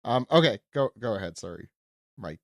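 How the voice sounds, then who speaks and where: A man's voice: mid-range voice, very animated, brisk, no echo, studio quality. A man chatting as a podcast panelist, casual and self-correcting. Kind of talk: casual chat.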